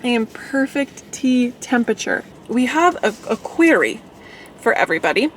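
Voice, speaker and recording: A woman's voice: on the high side, normal speed, slight background noise. Chatty Canadian woman vlogging. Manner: chatty, giggly, relaxed. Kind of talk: casual vlog chat. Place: in a car and outdoors at an orchard.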